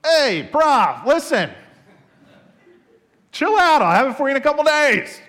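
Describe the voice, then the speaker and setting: A man voicing a cocky, laid-back male college student who brushes things off in a loud, breezy, high voice. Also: sing-song, measured pace, exaggerated voice.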